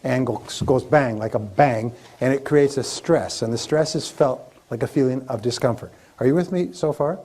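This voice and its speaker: Man giving a lively seminar talk. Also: mid-range voice, moderate pace, few pauses, husky. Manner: repetitive, building emphasis with lists and chants. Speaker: motivational speaker.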